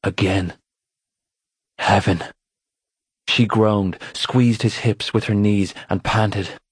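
A man narrating an audiobook in a steady, unhurried reading voice. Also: lowish voice, husky, no room sound. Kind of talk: scripted narration.

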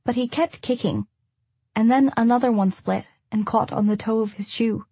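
Audiobook narrator, woman, husky voice, dry close sound, measured storytelling. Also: on the high side, mellow, dry recording. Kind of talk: first-person audiobook narration.

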